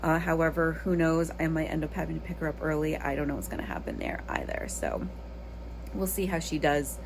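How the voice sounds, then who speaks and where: A woman's voice: low voice, fairly quick, noisy background. A woman, a mother chatting casually to her viewers in a home vlog, rambling and talking straight to the camera. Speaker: lifestyle vlogger and mother.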